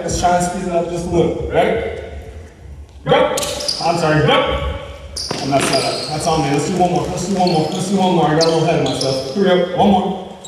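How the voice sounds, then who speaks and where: A man coaching a basketball drill, calling out short commands and quick praise to his players. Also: high-pitched, a little mellow, a little hiss or hum. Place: large gym. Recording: echoey gym from far off.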